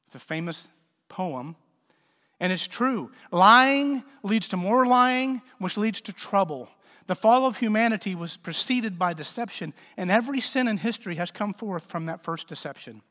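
A man's voice: high voice, expressive, normal speed, bright, forceful tone. A man preaching a sermon as pastor, conversational and joking, with sudden emphatic swells. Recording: reverberant hall.

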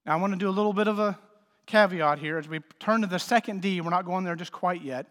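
Preacher with a high voice in a reverberant hall. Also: male voice, fast, a bit bright. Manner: conversational, joking preacher with sudden emphatic swells. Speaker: pastor. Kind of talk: sermon.

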